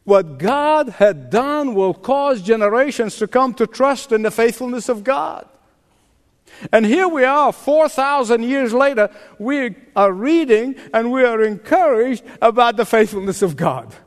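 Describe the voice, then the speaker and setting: A man's voice: very high voice, animated, a little slow. An older man preaching a sermon as pastor, emphatic and drawing responses from the congregation. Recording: long reverb of a large hall.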